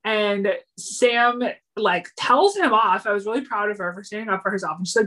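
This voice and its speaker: A woman co-hosting a podcast, retelling a TV episode in an animated, chatty way and slipping into the characters' lines. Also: medium pitch, normal speed. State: yawning, a little tired. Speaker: podcast co-host. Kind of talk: casual chat recapping a TV episode.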